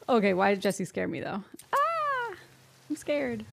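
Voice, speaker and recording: Excitable high-voiced woman gamer. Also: slow, vocal fry, a little hiss or hum. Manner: excitable, cursing, laughing, yelping when startled. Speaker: game streamer. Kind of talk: live gameplay reactions.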